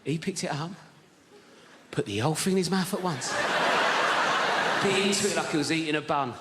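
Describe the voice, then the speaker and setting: A man's voice: a little high, fairly quick. A man doing stand-up crowd work, chatting with an audience member in an apologetic, self-mocking way. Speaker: stand-up comedian. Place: theatre stage. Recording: echoey venue with crowd noise. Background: audience laughter.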